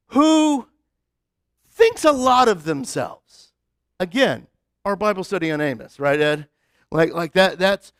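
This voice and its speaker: A man's voice: high voice, fairly bright tone, dry recording, clean studio sound. A male pastor giving a casual, conversational sermon, chatty and full of restarts.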